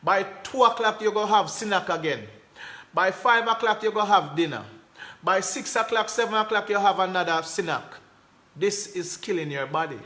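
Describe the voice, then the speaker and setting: A man's voice: high voice, normal speed, sharp tone. A man with a Jamaican accent hosting a casual live stream, talking emphatically in patois phrasing and reading out viewer comments. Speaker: host.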